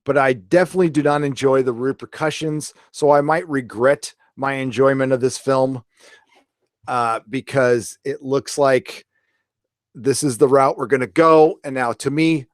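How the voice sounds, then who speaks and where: A man's voice: mid-range voice, no room sound, studio quality. A man hosting a casual pop culture livestream, talking in a rambling, chatty way and cursing freely. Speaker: pop culture show host.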